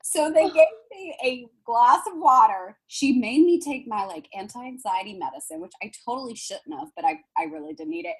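A woman, a podcast guest telling stories in animated chat and acting out other people's lines. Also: medium pitch, brisk, few pauses, husky, low-quality recording. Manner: animated, acts out others' voices, fillers and restarts. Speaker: podcast guest, manifesting coach. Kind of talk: casual storytelling chat.

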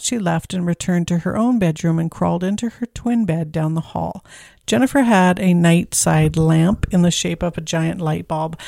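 Gravelly-voiced woman hosting a podcast. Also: fairly low pitch, warm tone, dry recording, clean studio sound. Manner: casual, conversational with filler words. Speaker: podcast host. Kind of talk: true crime storytelling.

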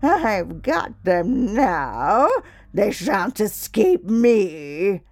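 A woman voicing a cruel old witch in a storybook reading, drawing her words out slowly and gloatingly. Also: medium pitch, big pitch swings, exaggerated voice. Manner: slow, drawn-out, gloating. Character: cruel old witch luring children, jeering.

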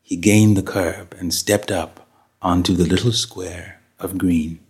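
A man narrates a story in a measured, dramatic way. His voice sits very low and has a husky grain. He takes his time over each phrase. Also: fairly even intonation, a little mellow. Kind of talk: scripted audiobook narration.

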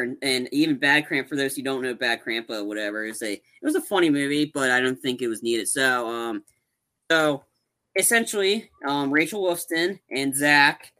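A man recaps a film scene by scene in loose podcast chat. His voice is bright and forward. He rambles, restarts his sentences and gets animated as he goes. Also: a little high. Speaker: podcast co-host. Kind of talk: casual movie recap chat.

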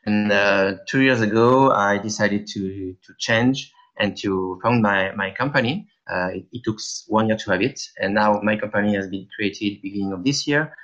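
A middle-aged man from France with a French accent, answering interview questions in a halting, hesitant way. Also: on the low side, fairly bright tone, muffled recording. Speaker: guest.

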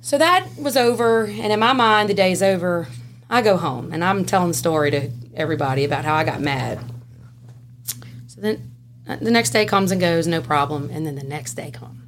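A woman with a Louisiana Southern accent, a podcast guest telling a story in casual, animated fashion, laughing and swinging between loud and hushed. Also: fairly low pitch, normal speed, slight background noise. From Southern United States. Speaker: podcast guest, former prison classification officer.

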